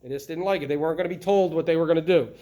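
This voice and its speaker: A middle-aged man teaching a history lesson in a classroom, lively and constantly checking in with the students by asking questions. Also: fairly high pitch, rapid-fire. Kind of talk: classroom lecture.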